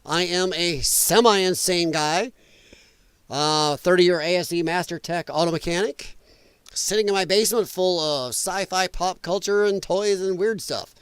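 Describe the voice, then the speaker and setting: A middle-aged man runs a casual livestream from his basement, talking bluntly and rambling between remarks. His voice sits high for a man and keeps cracking with strain. The sound is dry and close, with no room echo. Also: measured pace, fairly bright tone, clear, resonant tone. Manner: blunt, rambling, greets chat viewers by name. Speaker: livestream host. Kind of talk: casual political livestream chat. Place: home basement.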